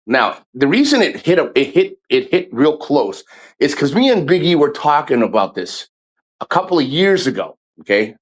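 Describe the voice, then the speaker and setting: A man hosting a casual livestream, swearing freely, laughing often and rambling with restarts. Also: on the high side. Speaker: livestream host.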